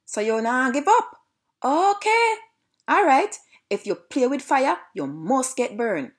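A clever little male pig in a storybook, defiant and taunting in Jamaican patois, pitched high and bright. A woman acts him out. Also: animated, moderate pace.

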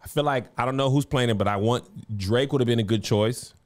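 A man's voice: medium pitch, fast talker. A man co-hosting a comedy podcast, joking and riffing playfully in casual chat. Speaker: podcast co-host.

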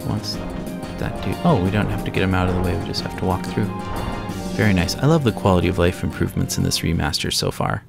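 A man casually commenting on a game he plays, explaining mechanics in a relaxed, self-correcting way into a sensitive desk mic. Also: low voice, fast, gravelly. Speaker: let's play host. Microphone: sensitive desk microphone. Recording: game music under the voice.

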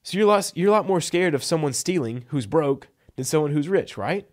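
A man's voice: on the high side, animated, a little fast. A man giving blunt, emphatic copywriting advice in a casual vlog, tossing in "like" and "right?" as he goes. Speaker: freelance copywriting coach.

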